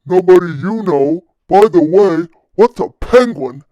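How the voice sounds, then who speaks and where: Storybook animal, a woman voicing a low slow gruff seal, deadpan. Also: no room sound, lo-fi sound. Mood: wry.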